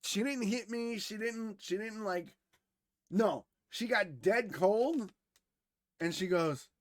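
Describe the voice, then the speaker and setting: A man co-hosting a podcast, telling a story casually, animated and swearing freely, who grew up in Wisconsin. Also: high voice, measured pace, no room sound, studio quality. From Wisconsin, USA. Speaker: podcast co-host.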